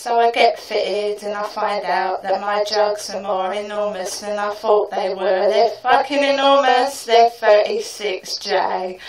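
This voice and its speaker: A woman's voice: mid-range voice, fairly even intonation, measured pace, hardly any pauses, crowd noise. British woman half-singing a comic song. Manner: rambling half-sung storytelling. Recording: echoey room, far from the mic.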